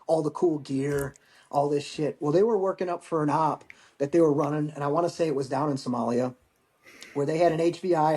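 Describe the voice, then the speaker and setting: Middle-aged male veteran, guest spot, loose swear-heavy anecdotes, voices the people he quotes, a touch high-pitched. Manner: profane, animated anecdote-telling with acted quotes. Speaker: podcast guest, Marine veteran. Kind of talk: casual storytelling.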